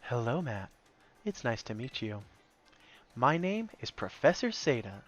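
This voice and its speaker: A man voicing a calm, scholarly woman professor who explains things in a measured way, in a slightly muffled recording with faint game music behind. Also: mid-range voice.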